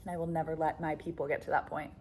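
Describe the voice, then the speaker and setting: A woman's voice: low-pitched, little pitch movement, fast talker, a little mellow, a little hiss or hum. A young woman talking candidly to camera as a relationship coach, chatty and blunt, full of "like" fillers, swearing and laughing often. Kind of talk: candid casual monologue to camera.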